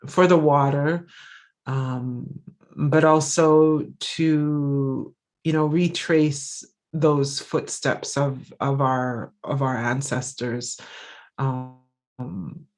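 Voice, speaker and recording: A woman giving a lecture, telling a personal story in an earnest, reflective way, pausing often and restarting her phrases. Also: extremely low pitch, steady tone, a little mellow. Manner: reflective, halting, with frequent pauses and restarts; earnest, heartfelt. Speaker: visiting scholar giving a lecture.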